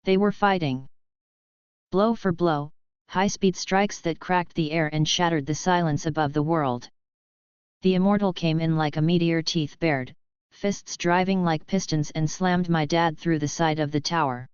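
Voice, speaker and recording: Woman reading a fanfic audiobook, slow and steady, super clear voice, kinda dull dry recording. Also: low voice, no echo. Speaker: audiobook narrator. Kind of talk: first-person fanfiction audiobook narration.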